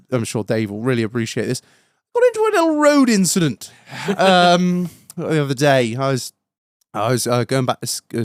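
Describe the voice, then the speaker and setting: A young British man, a podcast host, telling a story in casual chat, animated, swearing and laughing as he goes. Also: mid-range voice, no room sound, clean studio sound.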